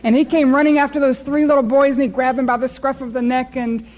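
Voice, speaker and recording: A woman preaching a sermon, telling a story in an animated storyteller's way before moving into scripture. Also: sits high, quick pace, poor audio.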